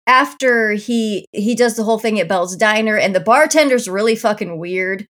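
A woman's voice: mid-range voice, normal speed, a bit bright. Emphatic woman co-hosting a movie chat. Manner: chatty and emphatic, swears. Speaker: podcast co-host. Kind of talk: casual movie-review chat.

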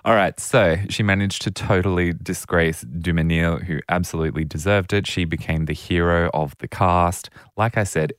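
A man co-hosting a podcast, telling a story in a relaxed, dry way. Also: sits low, moderate pace, hardly any pauses, no echo. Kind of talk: casual chat, storytelling.

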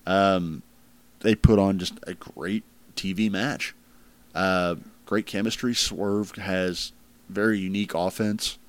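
Deep-voiced man chatting casually. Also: steady tone, takes it slowly, dry recording. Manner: rambling, filler-heavy, laughs at crude jokes. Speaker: podcast host ranking wrestling matches. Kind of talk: casual chat.

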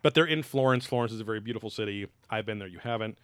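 A man's voice: on the low side, very fast, clear, resonant tone, no room sound. A young man co-hosting a podcast in casual, profane chat, rambling and sarcastic as he picks apart a TV episode. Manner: rambling, sarcastic, swears a lot. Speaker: podcast co-host.

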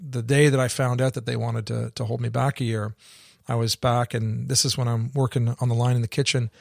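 A middle-aged man from Canada, a guest in an interview, telling his story in a halting way with many restarts. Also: medium pitch, level tone, creaky, darkish tone, dry recording, clean studio sound.

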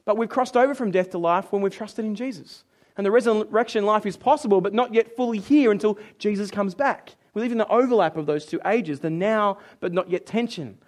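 Male preacher, higher voice, lively sermon delivery that dips low for readings. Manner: animated, acts out complaining voices, drops low for scripture.

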